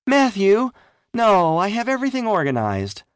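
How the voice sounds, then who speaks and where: A man's voice: high voice, wildly swooping pitch, normal speed, clean tone, dry recording, clean studio sound, voice pushed up. A man voicing a busy, impatient mother who answers curtly. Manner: curt, exasperated.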